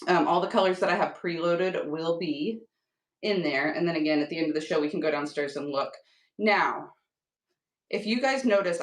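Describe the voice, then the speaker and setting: A woman hosts a live craft-selling stream from home, chatting upbeat with her viewers while she works. Her voice sits a bit low and carries a tired edge. She stands back from the mic in an echoey room. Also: distant mic. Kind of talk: casual livestream chat while painting.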